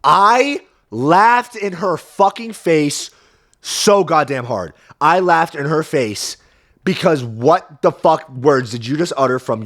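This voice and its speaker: Young guy on his podcast, rambly and sweary, telling a story all animated, mid pitch. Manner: animated, profane, rambling with frequent fillers. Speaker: podcast host. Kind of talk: casual storytelling.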